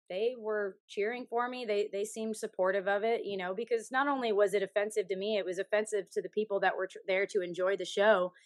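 As a guest on a podcast, a young Canadian woman who sings recounts a story with frank, lively candor, cursing freely and laughing often. Her voice sits at medium pitch, and there's no room sound in the recording.

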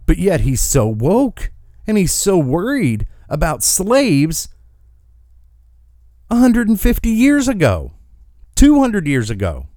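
A man's voice: high-pitched, wildly swooping pitch, takes it slowly, pauses often, warm tone, no echo, clean studio sound. A man hosting an opinion podcast, delivering an angry, emphatic rant. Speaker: commentary host.

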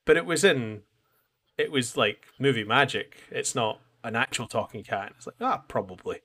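A man's voice: medium pitch, moderate pace, pushed and bright. A man co-hosting a podcast, chatting casually and rambling as he recaps an anime, acting out lines. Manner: rambling, self-interrupting, acts out quotes. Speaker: podcast co-host.

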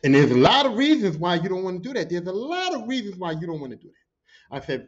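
Profane, animated man telling work stories. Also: high-pitched, normal speed, muffled recording. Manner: profane, animated, acts out quotes. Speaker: podcast host. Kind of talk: storytelling.

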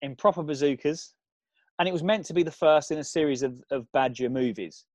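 A man co-hosting a comedy chat, rambling through an absurd film pitch with lots of ums. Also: a little fast, darkish tone, dry recording. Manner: rambling, builds absurd scenarios with fillers.

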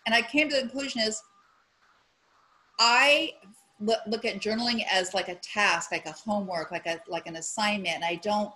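A woman's voice: mid-range voice, steady tone, normal speed, sharp tone, poor audio. A woman on a podcast talking frankly and animatedly, swearing casually and acting out her own inner voice. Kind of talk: casual chat.

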